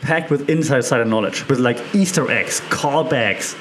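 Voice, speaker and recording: An animated man who teaches media studies, talking with real enthusiasm and breaking into laughter as he goes. His pitch sits in an ordinary male middle range. Now and then a small cough slips in. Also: unhurried, a little hiss or hum. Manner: excited, animated, laughs often. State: occasional cough. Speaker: media professor. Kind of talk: enthusiastic commentary.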